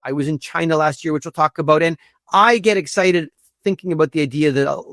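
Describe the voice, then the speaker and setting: A man speaking as a guest in a conversational interview, earnest and prone to repeating words as he thinks, with a gravelly voice. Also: fairly high pitch, fast, fairly bright tone, dry recording, clean studio sound. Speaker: guest, institute executive director.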